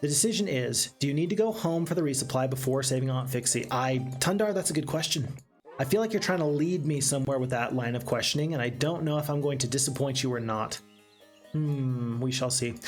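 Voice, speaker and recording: A man giving casual, chatty let's-play commentary while streaming a strategy game and reading chat aloud. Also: medium pitch. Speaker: gaming streamer. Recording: faint game music behind.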